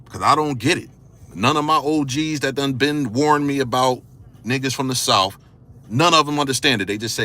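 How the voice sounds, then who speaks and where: A man from the area, giving casual spoken commentary, firing off rhetorical questions in loose slangy talk, his voice swinging from a low murmur to excited high notes. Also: a little fast. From Philadelphia area. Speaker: vlogger.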